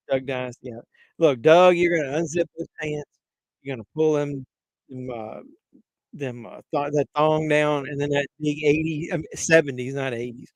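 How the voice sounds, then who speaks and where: A man's voice: on the high side, darkish tone, no room sound. A man hosting a live chat stream, teasing viewers with crude jokes and laughing at his own punchlines. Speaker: livestream host.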